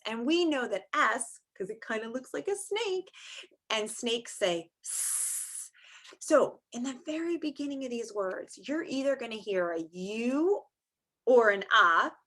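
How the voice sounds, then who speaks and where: A woman's voice: on the high side, sharp tone. A woman teaching young children phonics in an online small-group class, stretching out sounds in a sing-song teacher voice. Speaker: preschool teacher. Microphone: screen-share video call.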